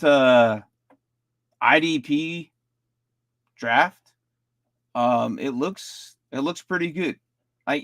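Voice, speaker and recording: A man's voice: medium pitch, vocal fry, no echo. A man casually reviewing fantasy football rosters on a live stream, rambling and often stumbling over and repeating his words.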